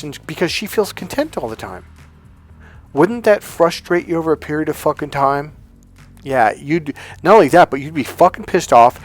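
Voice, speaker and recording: A man giving a blunt, profane, emphatic coaching talk as a love coach. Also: medium pitch. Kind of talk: coaching monologue.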